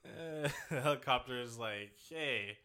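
A man's voice: mid-range voice, moderate pace, bright, forceful tone. A young man co-hosting a casual podcast, rambling, laughing often and swearing casually. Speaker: podcast co-host. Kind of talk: casual chat.

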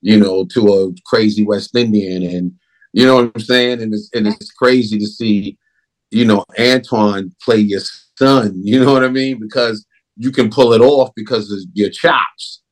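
A man with a somewhat low voice talks shop as a film director in a relaxed interview. He is emphatic and animated, and his delivery swings up as he tells stories. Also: moderate pace. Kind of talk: casual interview talk.

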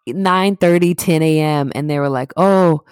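A woman's voice: deep voice, moderate pace, a little mellow, smooth, no room sound, clean studio sound. A young woman co-hosting a podcast, telling rambling stories in casual chat with lots of laughs and restarts. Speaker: podcast co-host.

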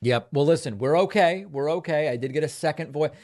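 A man hosting a political talk show, speaking in an animated, conversational monologue with frequent restarts. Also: fairly high pitch, a little fast. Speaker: host.

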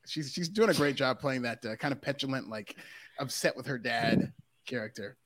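A man co-hosting a podcast in casual chat, animated and jokey, laughing often. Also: medium pitch, normal speed. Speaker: podcast co-host.

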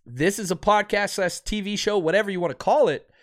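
A man's voice: high voice, a little fast. Fired-up male sports podcast host. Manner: emphatic, ranting. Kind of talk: casual fan commentary.

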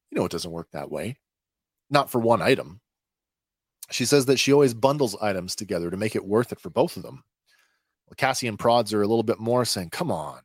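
A man's voice: lowish voice, no room sound, studio quality. A man hosting a podcast, casually recapping a TV episode in a hesitant, chatty way with many filler sounds. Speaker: podcast host.

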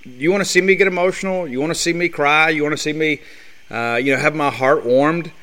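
A man's voice: on the high side, a little fast, bright, forceful tone. A man hosting a sports talk show, delivering a blunt, fired-up monologue full of rhetorical questions.

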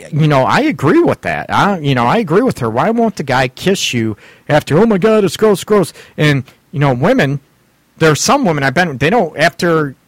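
A man's voice: fairly high pitch, no room sound. A middle-aged man hosting a casual talk show about relationships, rambling and laughing often. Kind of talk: casual radio-style chat about relationships.

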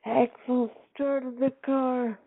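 Female storyteller host, high voice, very slow careful reading, lo-fi phone-like recording with faint hiss. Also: level tone, creaky. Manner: slow, careful read-aloud delivery. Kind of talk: reading a children's story aloud.

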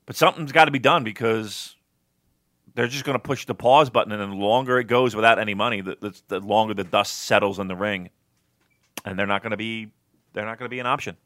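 Rambling, bright-voiced podcast man. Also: lowish voice, fairly quick, no echo. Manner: rambling, swears, many fillers and restarts. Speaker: podcast co-host. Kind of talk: casual wrestling podcast chat.

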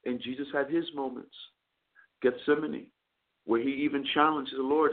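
Gravelly man preaching over a phone line. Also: medium pitch, fairly even intonation, moderate pace. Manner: earnest preaching with frequent stammered repeats. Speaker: chaplain and talk radio host. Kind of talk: preaching a sermon on a call-in radio show. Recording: narrow phone-line broadcast sound.

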